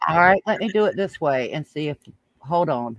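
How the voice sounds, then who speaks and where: A woman's voice: deep voice, animated, normal speed, no echo, highs cut off. A woman from the Southern United States with a strong Southern country accent, talking bluntly and swearing in a casual group voice chat.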